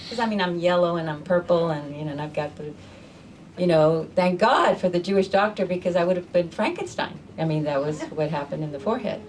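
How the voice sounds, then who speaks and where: A middle-aged woman telling a personal story to a live audience in an animated, conversational way, acting out other people's voices. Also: fairly low pitch, brisk, distant mic, a little hiss or hum. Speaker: storyteller host.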